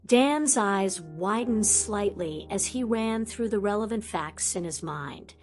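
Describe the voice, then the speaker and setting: A woman reading a fan-written audiobook as narrator, in a steady scripted narration. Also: medium pitch, takes it slowly, few pauses.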